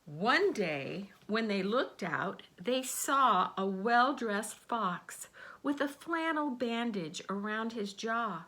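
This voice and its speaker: Lady reading a picture book to kids, slow and gentle, bright lively voice. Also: a little high. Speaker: storytime reader.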